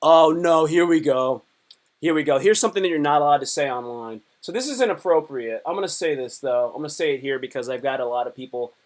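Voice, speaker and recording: A man's voice: a little high, fast talker. A man doing a casual comedy live stream, talking in a rambling, crude, joking way.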